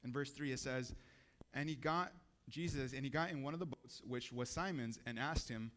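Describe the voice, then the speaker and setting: Casting: a male preacher with a mid-pitched voice, casual and conversational in a church service. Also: moderate pace, fairly bright tone. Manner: casual, conversational, asks the audience questions. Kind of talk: sermon.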